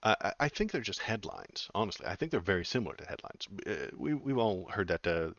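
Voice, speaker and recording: A man's voice: lowish voice, big pitch swings, a little fast, fairly bright tone, no room sound, highs cut off. A man hosting a casual political live stream, reading news aloud and chatting with his viewers. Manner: chatty, reads news aloud and reacts to chat.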